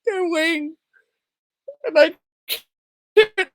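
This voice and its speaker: A woman voicing a whiny, lost newborn chick puppet who sobs and shouts for its mommy in a live puppet comedy. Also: extremely high pitch, extremely slow, a little hiss or hum, heavily acted. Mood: wailing.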